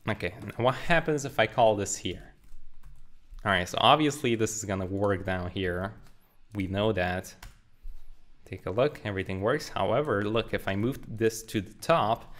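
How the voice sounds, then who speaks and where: Upbeat young man teaching code. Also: on the low side. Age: 20s. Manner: upbeat, joking, explains while typing. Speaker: programming tutor. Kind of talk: casual coding tutorial. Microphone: studio condenser mic.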